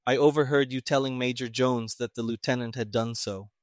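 A man voicing a calm, detached male detective who speaks flat and even. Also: medium pitch, fairly quick, no room sound, clean studio sound, lightly acted. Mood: toneless.

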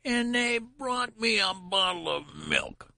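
A man's voice: animated, slow pace, gravelly, sharp tone, no echo, studio quality, heavily acted. A man doing a cracked, whiny ancient old man. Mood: shrill whining. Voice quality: cracked, whining. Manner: complaining, rising to shrill protest.

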